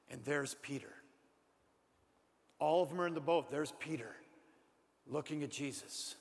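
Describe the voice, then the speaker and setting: Male preacher, dramatic storyteller, slightly high voice, big hall with long reverb. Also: expressive, moderate pace. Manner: dramatic, swings from loud exclamations to hushed asides. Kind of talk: sermon-style storytelling talk.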